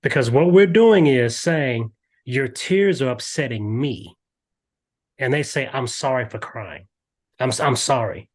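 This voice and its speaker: An older man, a podcast guest, talking earnestly in a lively storytelling way with frequent restarts. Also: mid-range voice, measured pace. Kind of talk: candid podcast interview.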